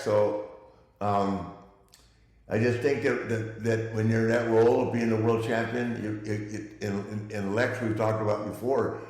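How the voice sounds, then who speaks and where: An older man telling stories as an interview guest, chuckling and rambling as he restarts his sentences. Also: fairly low pitch. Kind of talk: casual interview storytelling. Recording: echoey room.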